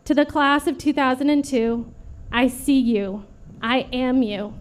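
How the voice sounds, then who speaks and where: A woman in her late thirties giving an earnest prepared memorial speech at a vigil, steady and read from a script. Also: sits high, unhurried. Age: late 30s. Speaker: vigil speaker.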